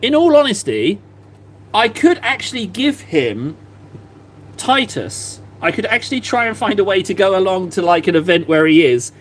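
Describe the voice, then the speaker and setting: A man's voice: high voice, big pitch swings, normal speed, a little hiss or hum. A man chatting casually on a live stream, self-mocking and rambling as he paints. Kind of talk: casual livestream chat while painting.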